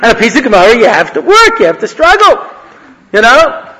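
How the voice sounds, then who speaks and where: A male rabbi giving a humorous Torah lecture, an animated storyteller who laughs at his own jokes. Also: very high voice, brisk. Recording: long reverb of a hall.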